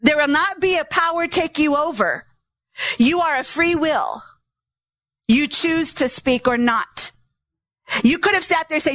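High-voiced woman preacher teaching. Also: expressive, measured pace, pauses often, a bit bright, no echo. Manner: teaching, demonstrates syllables aloud. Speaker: pastor. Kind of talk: sermon.

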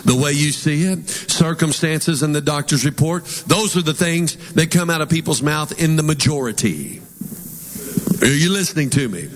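A man preaching with emphatic delivery, and his voice sits a little high for a man. He leads the congregation in call-and-response lines, and a long reverb trails his words through the sanctuary. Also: moderate pace, faint music behind. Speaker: pastor. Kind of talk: sermon.

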